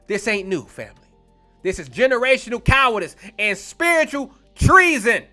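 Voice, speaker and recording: Man preaching hard, blunt and cussing, drags words out slow, bright sharp tone. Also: extremely high pitch, big pitch swings, soft background music. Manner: blunt, confrontational, profane; drawls key words slowly for emphasis. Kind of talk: fiery online sermon.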